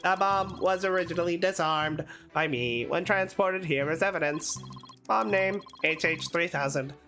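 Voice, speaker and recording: A cold bomb specialist, as read by a woman, speaks in clipped, monotone bursts like a machine. Her tone stays somewhat low and even, with quiet music underneath. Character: flat robotic male bomb expert.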